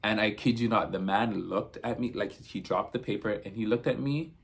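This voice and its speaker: A man's voice: fairly low pitch, moderate pace, creaky. A man vlogging a casual storytime, rambling through his retelling and leaning on constant "I'm like" to report what was said.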